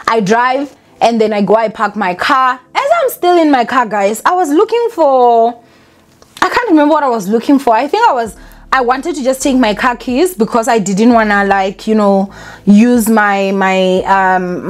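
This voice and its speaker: Young woman vlogger, somewhat high voice, animated storytelling with direct asides to viewers. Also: moderate pace. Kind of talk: casual storytime.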